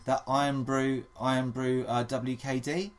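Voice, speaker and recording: A woman's voice: very deep voice, level tone, unhurried. A woman co-hosting a casual podcast chat, dry and sarcastic with plenty of swearing. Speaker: podcast co-host.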